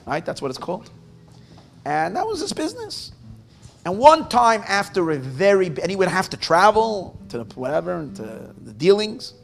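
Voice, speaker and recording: Animated gravelly-voiced male rabbi storyteller. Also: sits high, moderate pace. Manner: animated, conversational, self-interrupting. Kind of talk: storytelling sermon at a gathering. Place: live evening gathering.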